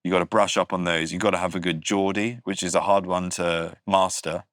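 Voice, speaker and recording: Deep-voiced wry English man. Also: flat delivery, a little fast, a bit bright, no room sound, clean studio sound. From Britain. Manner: wry, self-deprecating, laughs often. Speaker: guest comedian. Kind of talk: casual podcast chat.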